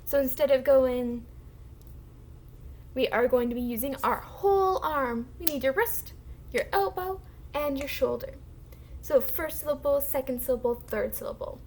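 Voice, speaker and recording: A woman teacher giving a recorded phonics lesson to young children, sounding out words slowly and clearly for them to repeat. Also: high-pitched, expressive, darkish tone, a little hiss or hum.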